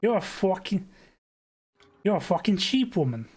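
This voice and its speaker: A man's voice: high voice, big pitch swings, a little slow, a little mellow, husky, pitched above the performer's own voice, full character voice. A man doing a rude New York neighbour. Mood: dismissive. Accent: put-on New York. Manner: brusque, swearing.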